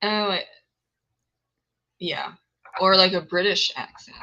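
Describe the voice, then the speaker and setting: A woman's voice: fairly low pitch, takes it slowly, sharp tone, highs cut off. A woman hosting a casual video call, playful and teasing, laughing often. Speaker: host. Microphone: headphones on a video call.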